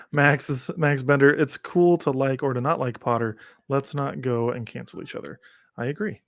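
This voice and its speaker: A man chats eagerly on a podcast, tumbling through his thoughts in quick bursts and restarting sentences along the way. His voice sits at an everyday middle pitch. The recording is dry and close. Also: creaky, no room sound. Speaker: podcast co-host. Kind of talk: casual podcast chat.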